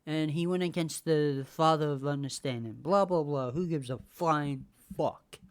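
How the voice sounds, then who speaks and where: A woman's voice: low voice, unhurried. A woman hosting a podcast, ranting casually and heatedly with lots of swearing and repetition. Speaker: podcast host. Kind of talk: casual rant.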